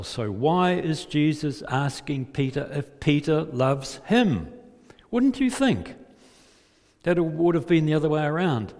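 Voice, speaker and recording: A man's voice: on the high side, a little mellow. Man preaching in a reverberant hall. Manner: vivid retelling, rhetorical questions to listeners. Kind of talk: sermon storytelling.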